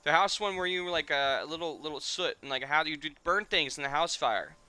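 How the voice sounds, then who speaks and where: A man's voice: on the high side, brisk, sharp tone, smooth, no echo. A man in his twenties, a streamer, chatting casually and emotionally in a rambling way and swearing often. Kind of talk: casual nostalgic chat.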